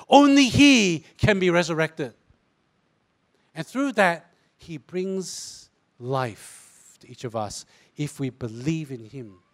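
A middle-aged pastor with a Singaporean English accent, preaching a sermon and acting out quoted voices. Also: male voice, a little high. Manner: animated, mimics voices in asides.

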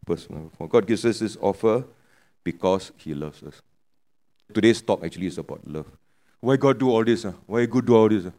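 A man's voice: fairly low pitch, lively intonation, brisk, warm tone. A man from Penang preaching a sermon in a Penang English accent, chatty, with joking asides and local particles. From Penang, Malaysia.

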